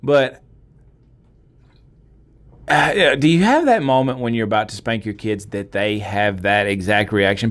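A man in his thirties chatting casually and relaxed, often chiming in with short agreement. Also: on the low side, measured pace, long pauses. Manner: relaxed, frequent agreeing interjections. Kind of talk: casual chat.

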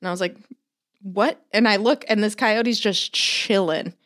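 A woman's voice: mid-range voice, normal speed, a bit bright. A woman in casual chat, swearing freely and mimicking people as she tells stories.

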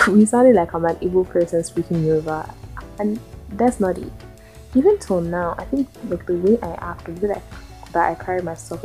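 A woman's voice: fairly low pitch, creaky, mellow. A young Nigerian woman hosting a solo podcast, ranting and firing off exasperated rhetorical questions in a Nigerian accent. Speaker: podcast host.

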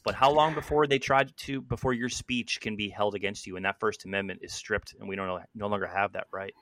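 A man hosting a podcast, talking casually in a relaxed way with some fillers. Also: lowish voice, brisk, no echo. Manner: relaxed, easygoing, uses fillers. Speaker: podcast host.

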